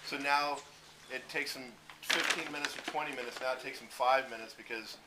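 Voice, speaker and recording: A man's voice: medium pitch, steady tone, brisk. Storytelling coach man, noisy room. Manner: storytelling, acts out players and himself. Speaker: junior varsity coach. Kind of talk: banquet speech telling stories.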